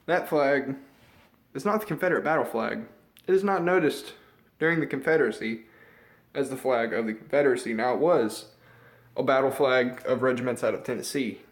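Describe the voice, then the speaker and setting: Young American man, rambling profane vlog rant, out of breath, mid-pitched voice. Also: a little fast. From United States. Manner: rambling, profane, loses his track. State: out of breath, feeling sick. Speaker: vlogger. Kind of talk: casual opinion rant.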